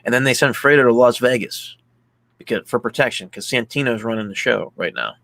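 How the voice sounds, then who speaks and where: A young man recaps a film for a casual podcast, his voice sitting at an ordinary middle pitch. He rambles, leans on "like," and slips into little acted-out quotes as he goes. The sound is close and dry, with no room around it. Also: fairly quick, vocal fry, fairly bright tone, no room sound. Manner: rambling, heavy use of "like", acts out quotes. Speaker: podcast co-host. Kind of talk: casual movie recap chat.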